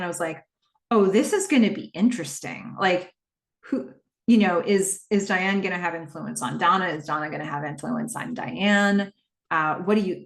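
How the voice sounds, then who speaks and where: A woman's voice: fairly low pitch, roomy sound. Chatty woman recapping a TV episode. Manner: chatty, animated retelling with many fillers. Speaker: podcast host. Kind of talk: casual TV rewatch recap.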